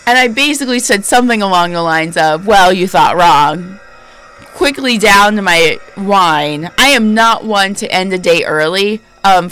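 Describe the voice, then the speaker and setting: A woman in her thirties hosting a podcast, telling stories casually in a deliberately lowered, spooky voice, chatty and emphatic with lots of fillers. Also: fairly bright tone, clear, resonant tone, rough recording. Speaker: podcast host. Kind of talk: casual storytelling.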